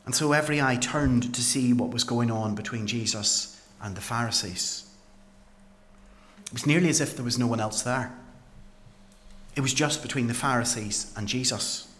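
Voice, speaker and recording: A man performing a dramatic first-person Bible monologue as a paralysed man healed by Jesus, with earnest storytelling and dramatic pauses. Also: mid-range voice, a bit bright, natural voice. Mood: tense.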